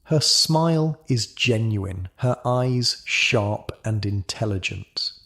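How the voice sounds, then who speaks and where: A man narrating a calm, soothing bedtime history story in the second person. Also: fairly low pitch, takes it slowly.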